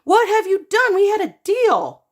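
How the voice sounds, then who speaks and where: A woman's voice: mid-range voice, very animated, normal speed, close to an everyday voice. A woman voicing an exasperated mother who argues with her son over his toys, speaking sternly. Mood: scolding. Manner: stern and exasperated, with loud scolding.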